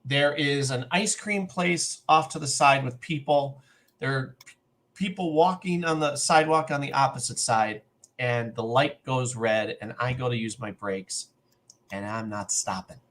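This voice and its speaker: A man's voice: mid-range voice, unhurried, fairly bright tone. A middle-aged man telling a long personal story on a podcast, acting out the other people's lines as he goes. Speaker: podcast co-host. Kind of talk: casual storytelling.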